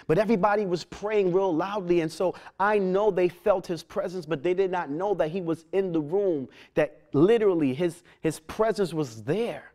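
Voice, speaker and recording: A man tells his personal story of faith in a fairly high voice. He speaks earnestly and often stammers, repeating words as he restarts his sentences. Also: normal speed, few pauses, dark tone. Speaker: testimony speaker. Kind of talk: personal testimony.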